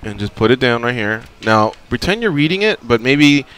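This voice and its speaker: A man who is a regular on a radio talk show, telling stories in a lively way and acting out the scenes. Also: medium pitch, moderate pace, clear, resonant tone. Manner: animated storyteller acting out scenes. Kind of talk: casual radio chat.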